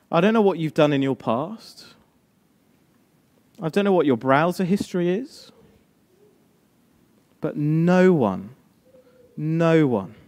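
Impassioned male preacher, rising and falling. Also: a little high. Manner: impassioned, swings between hushed and rising emphasis. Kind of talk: sermon.

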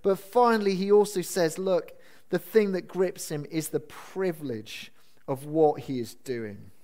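Inside a church building, a male pastor preaches earnestly, posing questions to his congregation and repeating key phrases for emphasis. His voice runs on the high side, dark in tone and unhurried.

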